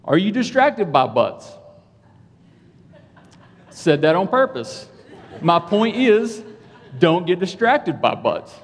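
Man preacher, conversational sermon, lively pitch, slightly high voice, long hall reverb. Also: slow pace, long pauses. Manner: conversational, self-deprecating, animated storytelling.

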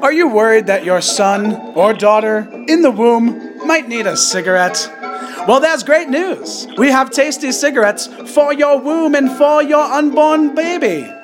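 A man's voice: very high-pitched, expressive, a little slow, over music, voice pushed up. A man voicing a pushy old-fashioned radio ad announcer in a hammy, mock-cheerful salesman manner.

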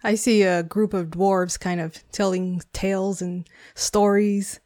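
A woman playing a tabletop game, calm and matter-of-fact. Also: medium pitch, slow pace, dry recording, clean studio sound. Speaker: player. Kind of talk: casual in-character game talk.

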